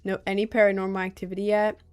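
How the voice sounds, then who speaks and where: A woman's voice: mid-range voice, rapid-fire, clear, resonant tone. Chatty young woman streamer. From United States. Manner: rambling, filler-heavy storytelling with lively outbursts. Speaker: live streamer. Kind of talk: casual chat, reading viewer comments. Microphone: desk mic, sometimes leaning close.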